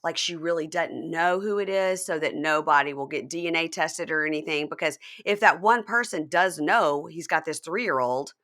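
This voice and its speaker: A woman's voice: deep voice, moderate pace, hardly any pauses, a bit bright. A woman hosting a podcast, recapping a reality show in a chatty, run-on way. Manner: chatty, recaps plot in long run-on stretches. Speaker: podcast host. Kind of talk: casual recap chat.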